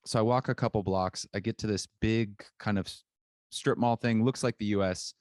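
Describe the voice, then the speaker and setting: A man's voice: lowish voice, steady tone, moderate pace, a little mellow, no echo. A man co-hosting a podcast, telling rambling stories in a dry, understated way over a remote call. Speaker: podcast co-host. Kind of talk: casual chat.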